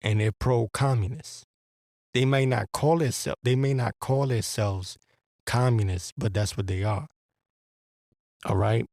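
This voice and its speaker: A man's voice: mid-range voice, unhurried, pauses often, a little mellow, no room sound, clean studio sound. A man hosting a podcast, delivering a blunt, profane, rambling religious commentary with a preacher-like edge. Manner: rambling with restarts. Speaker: podcast host.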